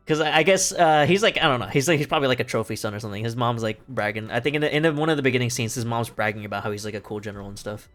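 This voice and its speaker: A man's voice: medium pitch, very fast, few pauses, a bit bright. Young male streamer, rambling and profane, casual retelling with faint music behind. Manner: rambling, swearing, laughing asides, many fillers.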